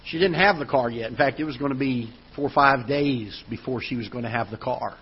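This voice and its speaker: Husky-voiced pastor preaching a sermon. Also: male voice, medium pitch, a little fast, lo-fi sound. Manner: storytelling, rising to emphatic preaching. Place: church auditorium.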